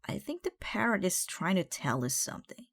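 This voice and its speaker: A woman reading the lines of a gentle but stubborn pirate first mate in a children's storybook, in a lifted, pert tone. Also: on the low side, sing-song, moderate pace, gravelly, voice pushed up, heavily acted.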